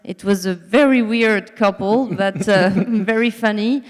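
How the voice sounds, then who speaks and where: A woman's voice: mid-range voice, a little slow, long reverb tail. Woman author on a stage. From Morocco. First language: French. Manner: anecdotal, frequent hesitations, wry humor. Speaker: guest author. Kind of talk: onstage interview. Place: large festival hall on stage.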